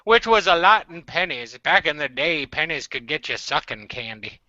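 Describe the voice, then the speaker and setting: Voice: medium pitch, sing-song, normal speed, sharp tone. A man voicing a shameless old grandmother who boasts about her wild youth, heard on a dull lo-fi video call. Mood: bawdy. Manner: boastful storytelling. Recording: dull lo-fi sound.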